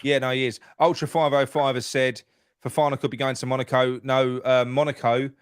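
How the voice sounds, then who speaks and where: A man's voice: medium pitch, flat delivery, fairly quick, clear, resonant tone, dry recording. A man with a London accent hosting a football fan phone-in, chatty and loose, swearing freely and restarting his sentences. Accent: London English. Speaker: phone-in host. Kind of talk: casual fan phone-in chat.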